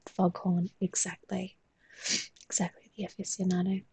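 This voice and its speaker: Woman, whispered stream chat, very breathy, dry close mic. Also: on the low side, monotone, normal speed, dry recording. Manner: soft, mostly whispered, yawning. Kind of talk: whispered chat while drawing on a live stream.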